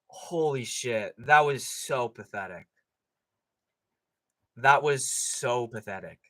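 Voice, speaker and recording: Young male streamer host, sarcastic and profane, bright voice with a bouncing pitch. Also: animated, slow pace. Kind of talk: live fight reaction commentary.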